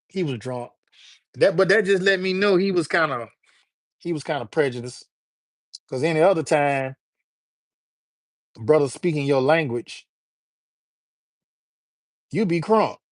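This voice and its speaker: A man's voice: fairly high pitch, animated, a little slow, pauses often, no room sound. A man hosting a live stream, chatting loosely with his viewers in a joking way and using plenty of slang. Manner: loose, joking, talks straight to the chat with slang. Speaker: livestream host. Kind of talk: casual live-stream chat, reacting to viewers.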